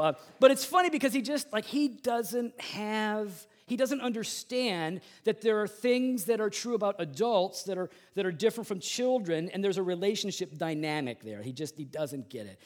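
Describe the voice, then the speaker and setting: A man preaching a sermon, telling a personal story in an animated way before turning to scripture. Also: sits high, moderate pace. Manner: animated storytelling with voiced quotes. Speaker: pastor.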